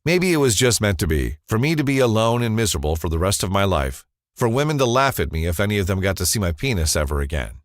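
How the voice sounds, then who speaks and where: A man's voice: fairly low pitch, animated, fast, no room sound, clean studio sound. A man narrating a scripted first-person advertisement story in a dramatic, confessional storytelling manner.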